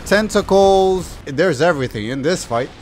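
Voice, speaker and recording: A man giving excitable let's play commentary, talking to enemies on screen and exclaiming over the game. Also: fairly high pitch, measured pace, slight background noise. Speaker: gaming YouTuber. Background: game music.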